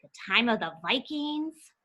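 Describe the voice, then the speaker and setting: A woman's voice: a little high, expressive, measured pace, bright, forceful tone. A young woman teacher reading a picture book aloud to her class, with playful, chatty asides to the children. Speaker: elementary school teacher.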